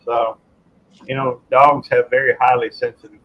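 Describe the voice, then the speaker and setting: A man's voice: medium pitch, flat delivery, normal speed. Guy rambling on a chill hangout stream, uhs everywhere, kinda dull lo-fi audio with a little hiss. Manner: rambling, hesitant with fillers. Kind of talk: casual chat. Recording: slightly dull audio with faint noise.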